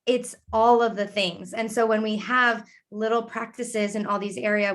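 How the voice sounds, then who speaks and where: A woman's voice: medium pitch, fairly bright tone. Upbeat woman hosting a health interview. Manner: upbeat, affirming, quick asides. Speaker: podcast host. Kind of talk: conversational interview.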